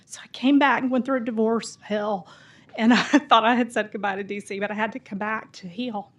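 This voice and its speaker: A woman's voice: a little high, a little fast. A middle-aged woman from the US South with a Southern drawl, telling a rambling personal story as an audience member at a bookstore talk. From Mississippi and Tennessee, US South. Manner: chatty, rambling, animated storyteller acting out quotes. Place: bookstore event room.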